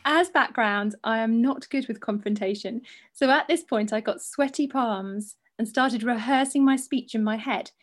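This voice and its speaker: A woman hosting a podcast, reading a listener's story aloud in an expressive, dramatic way. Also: on the high side, moderate pace, hardly any pauses. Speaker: podcast host.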